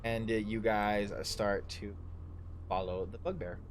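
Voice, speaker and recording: A man with a low voice runs a tabletop game as dungeon master, improvising the scene as he goes. His narration is halting and loose, and it is recorded for a livestream with a faint noise underneath. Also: steady tone.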